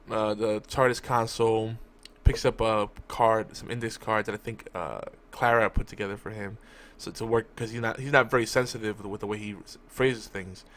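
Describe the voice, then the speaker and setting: A man talking casually as a podcast host, recapping a TV episode with lots of restarts and asides. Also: a bit bright. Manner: rambling, with frequent restarts and fillers; talks to his cat in a high cooing voice. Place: home room at a desk.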